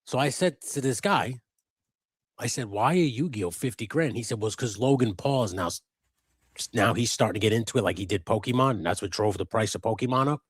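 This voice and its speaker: A man co-hosting a live stream, telling an animated, profanity-laced story in casual chat. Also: mid-range voice, fairly quick, husky, no room sound. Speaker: co-host of a live customizing stream.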